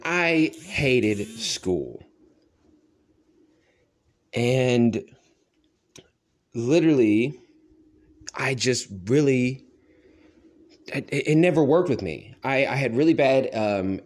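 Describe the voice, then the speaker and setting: A young man telling a personal story in a loose, profane way and laughing at himself. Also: medium pitch. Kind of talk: casual storytelling monologue.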